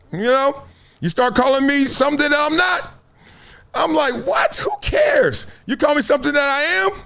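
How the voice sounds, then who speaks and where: A middle-aged sports talk livestreamer, broadcasting from a home studio, speaks in a high voice with a sharp tone. He reacts to viewers in chat through emphatic build-ups and plenty of laughs.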